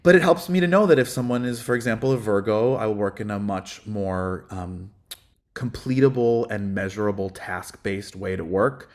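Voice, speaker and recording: Male guest, low bass voice, relaxed reflective podcast chat, fillers throughout. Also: moderate pace. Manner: reflective, chatty, frequent ums. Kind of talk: casual podcast conversation.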